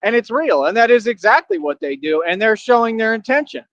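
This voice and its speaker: A man's voice: very high-pitched, sing-song, fairly quick, vocal fry, fairly bright tone, muffled recording. A man live-streaming while walking outdoors, rambling and laughing constantly, repeating himself.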